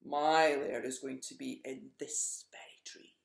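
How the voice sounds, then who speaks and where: A huge fire-breathing dragon from a picture book, stubborn and possessive, snarling his claims, as a reader puts him on. His voice has a gravelly edge. The room around him rings with echo. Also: mid-range voice, moderate pace, a little mellow, natural voice. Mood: roaring.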